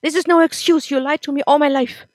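A woman voicing an angry, desperate teenage boy who shouts and pleads, in a dry close recording. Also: fairly high pitch, brisk, no echo, pitched above the performer's own voice, lightly acted. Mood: furious.

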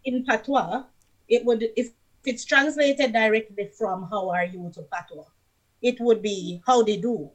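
Guest, Jamaican-accented woman, fairly high voice, patient and explanatory, lilting rhythm. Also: a little slow. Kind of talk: casual language chat.

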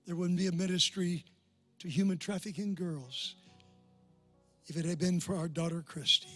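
An older male pastor with a high, husky voice preaches to a large congregation. He tells his story earnestly and swells to loud, passionate peaks, with soft music behind him. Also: fairly even intonation, moderate pace. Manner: impassioned preaching, building to loud climaxes. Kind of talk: sermon. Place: large church before a crowd.

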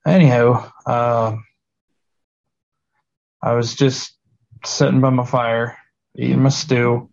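A man talks haltingly through a past-life regression, full of restarts and folksy, rustic turns of phrase. His voice sits at an ordinary middle pitch for a man. The recording is dull and somewhat lo-fi. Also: flat delivery, creaky, darkish tone. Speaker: podcast host in a regression session.

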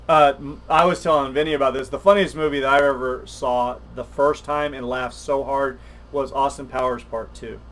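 An older man, chatting on a podcast livestream, rambling and animated with many restarts. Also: medium pitch, a little hiss or hum. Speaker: podcast co-host. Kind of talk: casual chat on a livestream.

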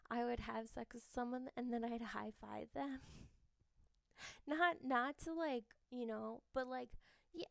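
A young woman hosting a podcast, telling stories in a candid, lively way, laughing often and swearing freely. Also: on the high side, vocal fry, dry recording, studio quality. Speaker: podcast host. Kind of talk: casual confessional chat.

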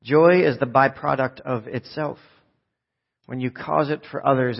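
A man preaching a live sermon to a church congregation, joking and swinging from loud bursts to soft, low asides. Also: steady tone, a little slow, creaky, highs cut off. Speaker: pastor.

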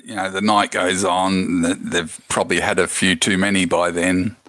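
Low-voiced guy on a podcast, easygoing and wry, dry close mic. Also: little pitch movement, moderate pace, fairly bright tone, no echo. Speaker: podcast co-host. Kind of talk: casual chat recapping a reality show.

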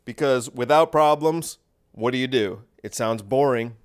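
A man hosting a podcast, delivering a rambling sarcastic monologue with deadpan asides. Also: mid-range voice, unhurried. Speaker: podcast host.

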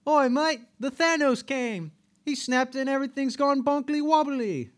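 A man's voice: very high-pitched, moderate pace, voice pushed up. A man putting on a rowdy mock-British bloke. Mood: excited. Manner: exaggerated slangy, shouty.

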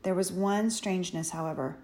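A woman reading an audiobook chapter in measured, expressive storytelling narration. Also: fairly low pitch. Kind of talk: scripted narration.

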